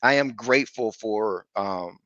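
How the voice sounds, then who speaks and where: A man in his forties, a guest father speaking earnestly and reflectively over a video call, pausing with fillers. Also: lowish voice, a bit bright, no echo. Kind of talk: casual interview talk. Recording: dry, dull lo-fi call audio.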